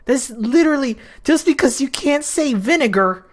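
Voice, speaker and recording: A woman streaming a game live, chatting casually and profanely, teasing a friend, repeating herself for emphasis and breaking into loud laughter. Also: high voice, lively intonation, normal speed, few pauses.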